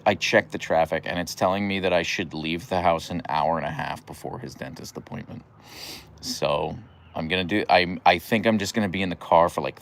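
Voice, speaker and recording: A young man chatting casually on a livestream at home, rambling through stories and answering viewer comments. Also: deep voice. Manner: rambling and chatty, full of fillers and restarts. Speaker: dog owner livestreaming his huskies. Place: at home, on a deck by his dogs.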